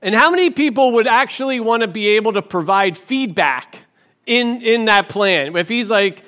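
A man preaching to his congregation in a church. His voice sits high for a man. He talks in a relaxed, conversational way and pulls the listeners in with questions. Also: moderate pace. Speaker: pastor. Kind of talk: sermon.

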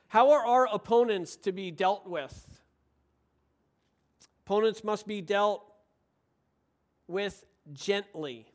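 A man preaching a sermon with passion, moving from quiet, reflective passages into excited, emphatic ones. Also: sits high.

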